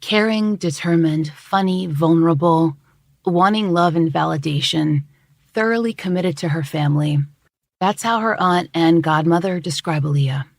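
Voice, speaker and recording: A woman host reading scripted true-crime narration in a measured, even way. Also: fairly low pitch, no echo, studio quality. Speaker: podcast host.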